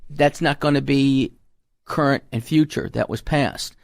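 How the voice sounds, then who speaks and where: A man's voice: medium pitch, fairly even intonation, unhurried, vocal fry, no echo, clean studio sound. A man, a tax advisor guest on a radio talk show, chatting in a folksy way and acting out his clients' lines as he tells stories. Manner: folksy storyteller, acts out client dialogue.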